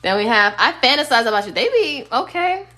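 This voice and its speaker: A woman's voice: on the high side, big pitch swings, brisk, bright, forceful tone. A woman giving a casual, blunt tarot reading on a phone live stream, sometimes singing bits of songs. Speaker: tarot reader.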